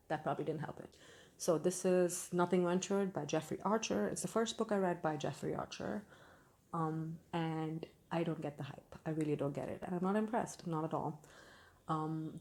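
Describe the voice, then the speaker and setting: A woman's voice: lowish voice, dark tone. A young woman giving a casual, candid book review, opinionated and full of fillers and restarts.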